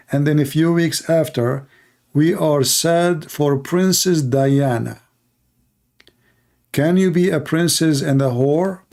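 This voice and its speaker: A man's voice: on the high side, darkish tone. A man from the Middle East with a Middle Eastern accent, mocking in blunt broken English on a livestream. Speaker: host. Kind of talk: livestream commentary.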